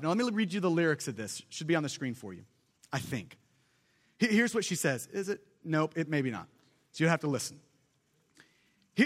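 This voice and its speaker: A man's voice: extremely high pitch, a bit bright. A man preaching a sermon with emphasis, building lists of repeated phrases. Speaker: pastor. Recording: long hall reverb.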